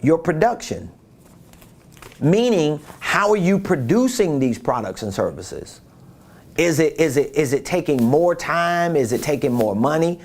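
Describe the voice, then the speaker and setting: A man's voice: fairly high pitch, sing-song, unhurried. A man giving a business coaching talk, emphatic and repeating his key points, who acts out quotes in different voices.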